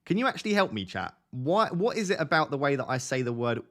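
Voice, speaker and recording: A young man with a lightly softened Essex accent chats through a live stream at an ordinary, mid-range pitch. He reads viewer questions aloud and answers them in an easygoing, laughing way. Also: very animated, fast talker, hardly any pauses. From Essex, England. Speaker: fantasy football streamer. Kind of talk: casual live-stream chat.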